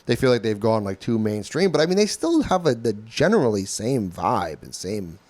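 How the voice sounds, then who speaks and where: A man's voice: on the low side, sing-song, moderate pace, darkish tone. A man co-hosting a podcast in casual chat, rambling, swearing freely and laughing often. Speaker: podcast co-host.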